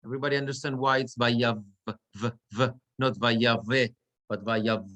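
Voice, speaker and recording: A male cantor teaching a class how to read the Torah, explaining the marks and then chanting verses in drawn-out cantillation. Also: mid-range voice, fairly even intonation, a bit bright. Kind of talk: class instruction with chanted examples. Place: synagogue classroom.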